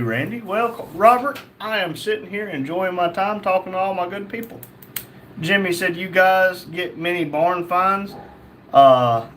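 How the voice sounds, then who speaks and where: A man's voice: a little high, slight background noise. A man hosting a casual livestream, reading viewer messages aloud and joking back at them. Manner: jokey, laughs often, reads messages in a flat quoting tone. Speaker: livestream host.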